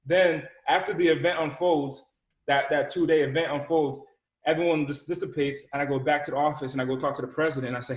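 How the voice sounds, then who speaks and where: A fired-up motivational speaker from Rhode Island, appearing as a podcast guest, tells a personal story at a fast clip, stumbling over repeated words and acting out both sides of conversations. His voice is a little high for a man, and a noticeable roomy echo fills the recording.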